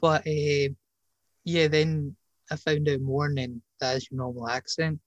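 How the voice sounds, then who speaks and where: A man's voice: fairly high pitch, little pitch movement, unhurried, no room sound, dull audio. A young man hosting a podcast in casual chat, slangy and teasing, often breaking into laughter. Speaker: podcast host.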